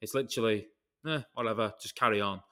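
A man's voice: lowish voice, fairly even intonation, fast talker, sharp tone. Rambling British man, casual swearing. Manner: rambling storyteller, swears casually, jumps between tangents. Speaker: podcast host. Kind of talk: casual chat.

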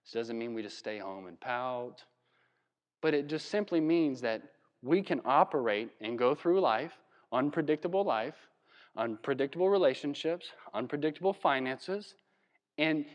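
A man from Virginia preaching a sermon in a conversational, animated way, with laughs and asides. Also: fairly high pitch, moderate pace, in a large hall. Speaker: pastor. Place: church hall.

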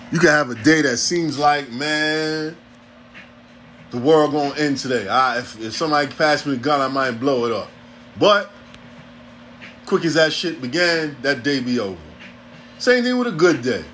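A man's voice: fairly high pitch, expressive, unhurried, long pauses, a bit bright, a little hiss or hum. A man, hosting a podcast in a blunt, profane, streetwise ranting monologue. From New York City. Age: 40s. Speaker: podcast host.

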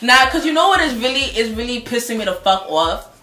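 A woman's voice: on the high side, lively intonation, brisk, bright, forceful tone, reverberant. A young woman telling a story in casual chat, heated and emphatic, swearing freely.

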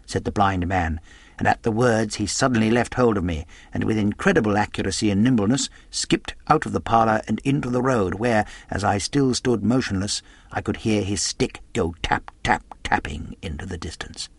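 A man narrating a classic adventure novel as an audiobook in a measured storytelling delivery. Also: on the low side, breathy edge, dry recording.

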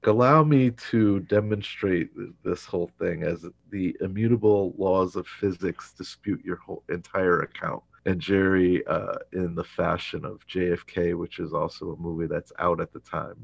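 A man's voice: sits low, moderate pace, vocal fry, slightly rough, no room sound, highs cut off. A man casually retelling a sitcom episode, acting out the lines and laughing often. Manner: animated, laughs often, many fillers. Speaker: podcast host recapping an episode. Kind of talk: casual retelling with acted quotes.

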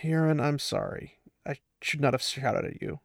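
A man's voice: fairly high pitch, lively intonation, normal speed, creaky, no echo, studio quality. Man reading an exasperated young lord.

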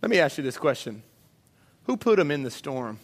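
Man, pastor, sermon, animated, acts out voices, slightly high voice, long hall reverb. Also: moderate pace.

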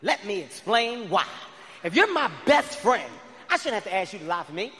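A man in his thirties doing a loud, profane stand-up comedy routine on stage, shouting his punchlines. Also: high voice, big pitch swings, normal speed. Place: large comedy venue on stage. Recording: live hall reverb, faint crowd ambience.

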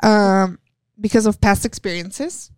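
A woman's voice: mid-range voice, unhurried, darkish tone, clear, resonant tone, no echo. A young woman from West Texas, a professional wrestler, candidly telling stories and acting out the dialogue, swearing freely. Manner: blunt, swears freely, acts out quoted dialogue. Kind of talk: candid storytelling chat.

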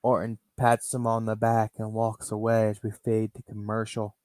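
A man's voice: on the low side, monotone, normal speed, no room sound. A man hosting a podcast, narrating a toy wrestling show play by play and calling out names like a ring announcer. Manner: announcer-style, calls wrestlers' names loudly. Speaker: podcast host.

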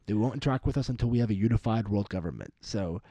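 Man, young adult, low pitch, mellow, dry close sound, rambling casual podcast chat, swears a lot. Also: expressive, fast talker, no room sound. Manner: rambling, profane, mimics other people in raised voices. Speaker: podcast co-host.

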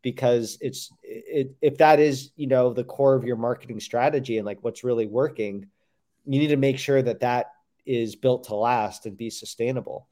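A man speaking as a guest on a business chat show, a brand founder who talks earnestly and casually. His voice sits at a middle pitch, and he often circles back and restarts his sentences. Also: moderate pace, dark tone. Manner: earnest, many restarts and "like" fillers. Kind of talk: casual interview talk.

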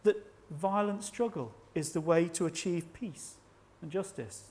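A man preaching a sermon at a church service, measured and reflective, slowing down to stress key words. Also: on the high side, darkish tone. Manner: measured, reflective, slows for emphasis.

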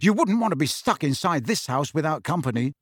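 An easygoing teenage boy, voiced by a man, chatty and relaxed. His pitch moves about a lot, and the sound is dry and close. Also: brisk, breathy edge, no echo. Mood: mild.

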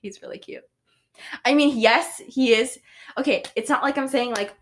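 A woman's voice: on the high side, moderate pace. A young adult woman co-hosting a podcast, chatting in a giggly, rambling way. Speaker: podcast co-host. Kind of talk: casual chat.

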